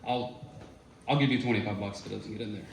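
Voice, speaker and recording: Man, former student, casual memorial tribute, lowish voice, faint background noise. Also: steady tone, quick pace, creaky. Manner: conversational, rambling, with fillers and quoted voices. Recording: echoey room with faint noise.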